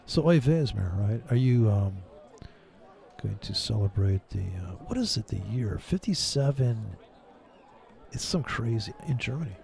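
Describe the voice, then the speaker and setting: A man's voice: fairly low pitch, animated, unhurried, gravelly, warm tone. A man hosting a casual trading stream, rambling and mocking in a profane, joking way. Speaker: livestream trading host. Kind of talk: casual ranting chat with viewers.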